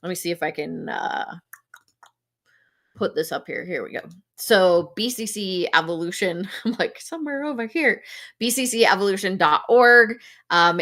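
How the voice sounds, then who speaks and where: A woman's voice: on the low side, a little slow, sharp tone. A woman hosting a mental health talk show alone, speaking in a casual, chatty way and laughing at herself. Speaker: podcast host.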